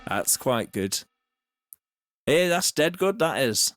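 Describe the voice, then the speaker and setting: A man's voice: fairly high pitch, sing-song, slow pace. A man casually chatting while producing a track, laid back and reading out viewer comments. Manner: laid-back, chatty, reads chat aloud. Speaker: music producer streaming. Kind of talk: casual live-stream chat while producing. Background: faint music.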